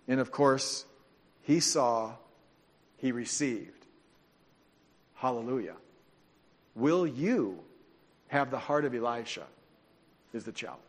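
A man preaching a sermon, telling the story in an animated way with joking asides. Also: mid-range voice, a little slow, long pauses. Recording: long hall reverb.

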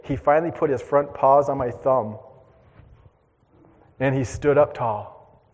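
A man preaching, telling a lively childhood story to his congregation and drawing a lesson from it. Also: medium pitch, measured pace, husky, in a large hall. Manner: animated storyteller, acts out voices and shouts. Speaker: pastor. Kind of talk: storytelling sermon.

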